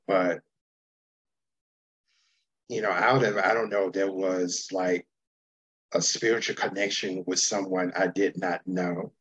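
A man's voice: low-pitched, fairly bright tone, husky, no room sound, muffled recording. A man hosting a talk show, telling his own story in a hesitant way, searching for words. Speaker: host. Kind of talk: casual chat.

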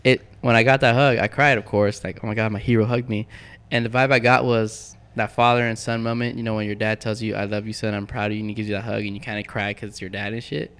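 Guy w a low smooth voice, casual podcast chat, tells stories and does the voices. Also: quick pace, hardly any pauses. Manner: animated storyteller, acts out quotes. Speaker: podcast guest.

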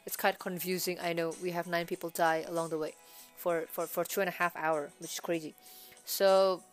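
A woman's voice: on the low side, flat delivery, normal speed, soft background music. Chatty young woman rambling through a film review. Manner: rambling, chatty, strings thoughts together with "so" and "like". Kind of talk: casual movie review.

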